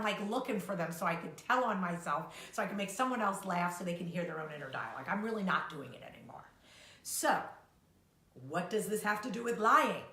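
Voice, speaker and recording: Animated woman coach in an echoey room. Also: mid-range voice. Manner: animated, laughing, acts out her inner voice. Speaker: co-founder and life coach. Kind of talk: casual live-stream coaching talk.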